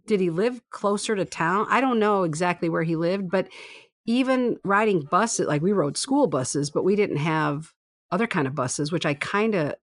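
A woman's voice: lowish voice, expressive, normal speed, dry recording. A woman from Michigan in casual conversation, rambling and correcting herself with small chuckles. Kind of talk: casual book discussion.

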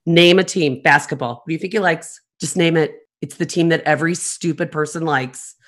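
A woman in her fifties hosting a podcast, telling stories in a lively, profane, joking way. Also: sits low, a little fast. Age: 50s. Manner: animated, profane, laughing storyteller. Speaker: podcast host. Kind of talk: casual storytelling chat.

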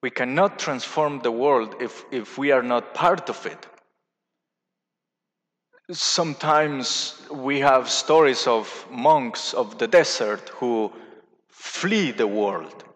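A man, a Catholic priest, giving a sermon with slow, careful explanations, pausing and restarting as he goes. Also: medium pitch, a bit bright, in a large hall.

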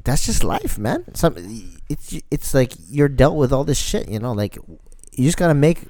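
A man's voice: mid-range voice, big pitch swings, moderate pace, dark tone, no echo. A man co-hosting a podcast, chatting in a laid-back way with crude jokes. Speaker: podcast co-host. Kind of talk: casual chat.

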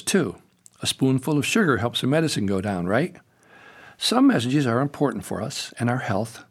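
An older man talks with calm, earnest conviction, as if explaining something he cares about to a friend. His tone leans gently preachy but stays unhurried and plain. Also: mid-range voice. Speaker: host and children's songwriter. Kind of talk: reflective spoken commentary.

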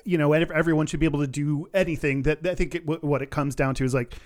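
A man's voice: on the high side, steady tone, fast talker. A man co-hosting a podcast in casual chat, earnest and loose, swearing offhandedly. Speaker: podcast co-host.

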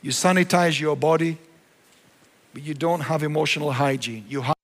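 Guy pastor preaching in a big echoey church hall, pretty high voice, goes soft then loud. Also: normal speed, a little hiss or hum. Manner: animated preacher, mixing quiet low asides with raised emphatic lines. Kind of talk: sermon. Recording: long hall reverb.

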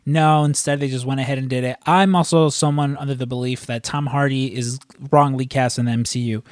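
A male podcast host talks in a loose, rambling way, circling back with restarts and dropping casual curses. His voice sits at a middling pitch. The recording is dry and close, with no room sound. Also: fairly even intonation, fairly quick, no room sound. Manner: rambling, profane, frequent restarts.

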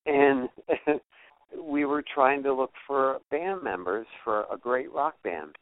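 A man's voice: mid-range voice, slow, dry recording. An older man, a guest musician, telling stories in a casual interview and acting out the people in them. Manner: animated storyteller who acts out the people in his tales. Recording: dry, tinny phone-like audio.

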